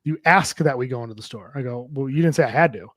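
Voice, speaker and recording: A man co-hosting a casual podcast chat tells a rambling travel story, talking fast in a medium-pitched, slightly bright voice. He swears often and acts out what people said, and the recording is clean studio sound with no room noise.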